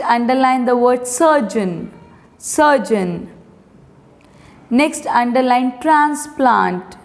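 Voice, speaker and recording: A woman teacher with an Indian English accent reads a textbook lesson aloud to children, slowly dictating words and repeating each one. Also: a little high, big-room sound. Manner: slow, deliberate dictation, repeating each word.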